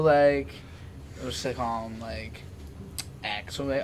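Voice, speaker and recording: A young man telling an animated story in casual chat, acting out what people said. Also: medium pitch, moderate pace, a little hiss or hum. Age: young adult.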